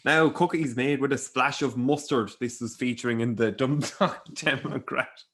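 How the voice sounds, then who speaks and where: An Irish man talks in a relaxed, easygoing way on a podcast, reading out odd news stories. His voice sits in an ordinary middle range. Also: medium pitch, moderate pace, breathy edge. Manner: easygoing, reads out news items. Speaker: podcast co-host. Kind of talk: casual chat.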